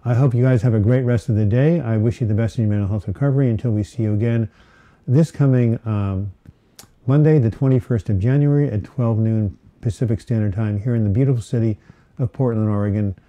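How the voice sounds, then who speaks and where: A man's voice: fairly low pitch, fairly quick, warm tone, muffled recording. A man hosting a casual live-stream Q&A, reading viewer questions aloud and rambling with many fillers and restarts. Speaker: host of a live mental health Q&A. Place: home setting, Portland.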